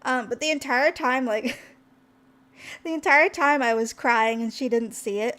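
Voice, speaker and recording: A woman's voice: fairly high pitch, unhurried, fairly bright tone. A young woman streamer telling a story casually to her chat, rambling with lots of fillers and laughs. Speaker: VTuber streamer.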